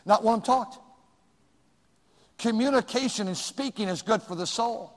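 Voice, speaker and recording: A middle-aged male pastor preaching a sermon, swinging from loud shouts to hushed asides. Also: high-pitched, moderate pace, big-room sound.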